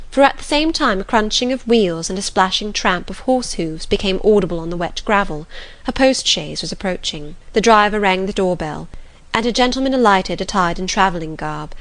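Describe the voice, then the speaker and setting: A woman narrating a classic novel as an audiobook in a calm, gentle manner. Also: medium pitch, a little fast.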